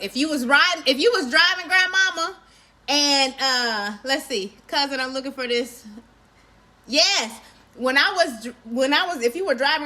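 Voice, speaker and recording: Chatty woman livestream host, high and bright, friendly casual banter with viewers. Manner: chatty, greets viewers by name, laughs often.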